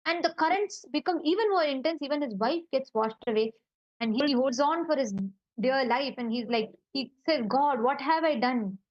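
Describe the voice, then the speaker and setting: High-voiced woman telling a spiritual story. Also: moderate pace, no room sound, lo-fi sound. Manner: animated, with fillers like "uh" and "you know". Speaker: devotee giving a spiritual talk.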